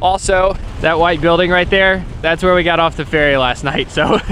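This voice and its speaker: A man hosting a travel vlog, upbeat and quick to laugh, talking into a handheld camera. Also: fairly high pitch, steady tone, fairly bright tone, a little hiss or hum. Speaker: vlog host.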